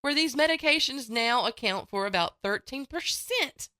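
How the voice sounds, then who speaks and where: A woman's voice: high voice, lively intonation, moderate pace, bright, forceful tone, no room sound. A woman hosting a morning radio show, chatting casually and playfully into a studio microphone. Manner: chatty, playful, folksy, with frequent laughs.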